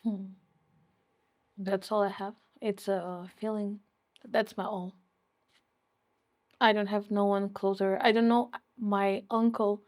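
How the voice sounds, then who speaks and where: A young woman from Ukraine in a personal interview, teary and emotional, speaking haltingly and often laughing. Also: mid-range voice, flat delivery.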